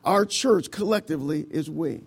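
High-voiced man preaching emphatically. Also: normal speed, gravelly, husky. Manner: emphatic, swings from loud to hushed, stretches key words; addresses the congregation with rhetorical questions. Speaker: pastor. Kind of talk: sermon.

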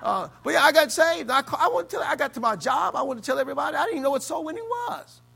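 A man from the States preaching a sermon as pastor, swinging between loud exclamations and low, quiet stretches. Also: lively intonation, racing, creaky, faint music behind. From United States.

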